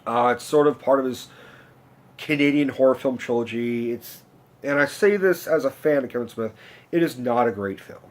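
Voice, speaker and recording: A young man talks straight to his vlog audience in a loose, rambling way. He swears freely, trips over his own sentences and restarts them, and his voice sits at an ordinary middle pitch. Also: moderate pace. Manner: rambling, profane, self-interrupting. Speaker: vlogger.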